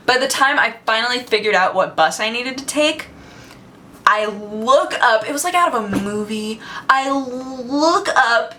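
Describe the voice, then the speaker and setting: A woman's voice: fairly high pitch, normal speed, bright, forceful tone, a little hiss or hum. A woman vlogger telling a story in a chatty, casual way, with lots of fillers and frequent laughter.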